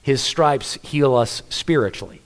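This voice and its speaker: Casting: male pastor, mid-pitched voice, earnest conversational sermon delivery, storytelling. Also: lively intonation, a little slow.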